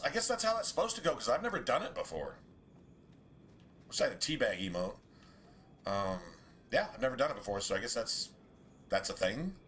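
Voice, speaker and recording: A man's voice: medium pitch, sharp tone, slight background noise. A man streaming a video game, chatting casually with frequent swearing and complaints about the game. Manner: profane, complaining, laughs often. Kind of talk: casual gameplay commentary.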